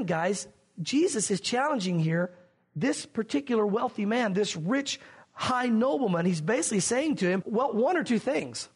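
A man's voice: sits high, slightly rough. A man preaching a sermon as pastor, earnest and questioning, addressing his congregation directly.

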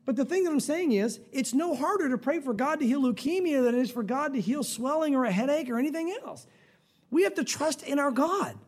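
A man preaching a conversational sermon, acting out prayers and voices with sudden shouts. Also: extremely high pitch, lively intonation, a little fast. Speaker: pastor.

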